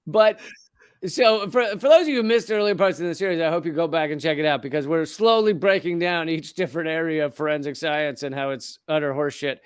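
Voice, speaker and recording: Podcast guy ranting casually, sardonic, a bit higher pitched, crisp voice, dead dry mic. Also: a little fast, no room sound. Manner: blunt, profane and sardonic. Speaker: podcast co-host.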